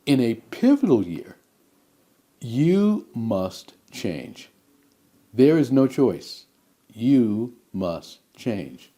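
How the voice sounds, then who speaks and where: A man giving a motivational talk, speaking in a measured, emphatic way with deliberate pauses. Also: mid-range voice, sing-song, mellow.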